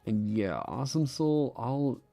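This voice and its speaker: A man's voice: medium pitch, expressive, unhurried, creaky, mellow, dry recording, soft background music. A man chatting casually on a live stream into a desk microphone. He rambles, laughs often and swears freely. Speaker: streamer designing a game class.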